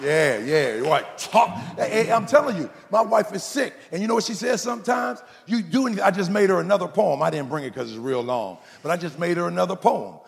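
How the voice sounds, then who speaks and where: A man's voice: sits high, animated, fast talker, gravelly, few pauses, big-room sound. A middle-aged male pastor preaching a sermon, telling playful stories and calling out to the congregation. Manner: folksy preacher, playful storytelling, calls out to the congregation.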